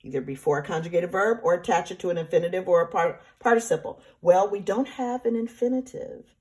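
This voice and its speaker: A woman teacher talks through a recorded grammar lesson, patient and methodical. Her voice sits a little low, and she keeps checking in with the class as she explains each step. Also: a little fast, darkish tone. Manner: patient, explanatory, repeats with checks like right and okay. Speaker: Spanish teacher. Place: classroom or home, remote teaching.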